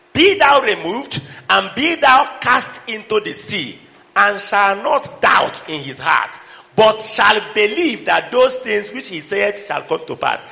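A middle-aged man preaching a sermon, calling out to the congregation and shouting for emphasis. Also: high voice, gravelly. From Nigeria. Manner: preaching with call-and-response, breaking into song and shouts. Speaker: pastor. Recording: long hall reverb.

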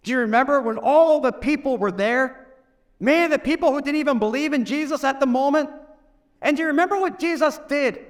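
A preacher voicing an earnest apostle John. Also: male voice, extremely high pitch, a little fast, voice pushed up. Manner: earnest, insistent. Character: apostle John, earnest grown man reminding friends.

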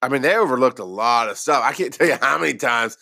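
A man's voice: mid-range voice, expressive, fast, creaky, bright, forceful tone, dry recording, clean studio sound. A former paramedic telling his own story in a casual way, rambling and poking fun at himself, with lots of restarts. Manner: rambling and self-deprecating, with many restarts.

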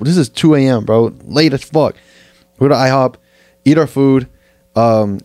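A man's voice: mid-range voice, mellow, dry recording. A young man co-hosting a podcast, telling a story in casual, profane slang. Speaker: podcast co-host. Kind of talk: casual chat.

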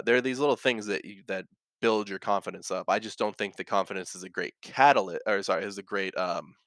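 A man's voice: fairly low pitch, a bit bright, no room sound, clean studio sound. A man hosting his own podcast, talking casually and reading online posts aloud, full of fillers, restarts and tag questions. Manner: rambling, many fillers and restarts, frequent "right?". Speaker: podcast host.

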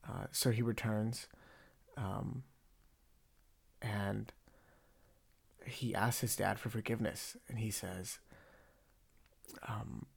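Gravelly-voiced man hosting a podcast. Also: on the low side, steady tone, slow pace, pauses often. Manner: rambling, filler-heavy retelling with earnest emphasis. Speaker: podcast host. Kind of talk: casual faith podcast monologue.

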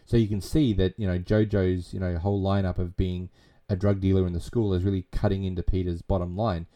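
A man's voice: sits low, little pitch movement, fairly quick, dark tone. A middle-aged man casually recapping a movie plot, rambling and chatty with many fillers. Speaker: film reviewer.

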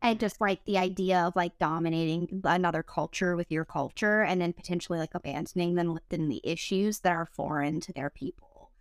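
A woman hosting a casual podcast chat, talking loosely with lots of "like" fillers and quick disclaimers. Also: on the low side, clean tone, no echo. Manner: chatty, many "like" fillers, quick asides and self-disclaimers. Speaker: podcast host.

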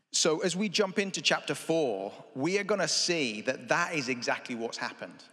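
A young man gives a chatty, animated sermon and keeps asking the congregation questions. His voice is fairly high, bright and forceful, and it rings with the long reverb of a church hall. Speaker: preacher. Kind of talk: conversational sermon.

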